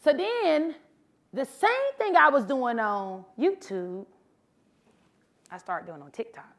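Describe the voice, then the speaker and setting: A woman who drives trucks, telling her story in a bubbly, animated motivational speech to a live audience and talking casually to the crowd. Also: sits high, takes it slowly, vocal fry. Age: adult, mother of sons. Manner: casual, chatty, addresses crowd as honey and y'all. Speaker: truck driver and social media creator. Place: live event before an audience.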